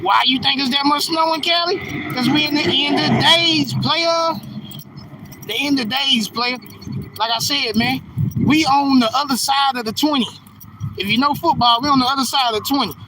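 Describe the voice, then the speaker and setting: A man's voice: very high-pitched, normal speed, far from the mic. A man around forty from California, chatting to viewers on a livestream in a slangy, preachy way. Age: 40s. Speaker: livestream host. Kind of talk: casual livestream chat. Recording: phone mic held off, street noise.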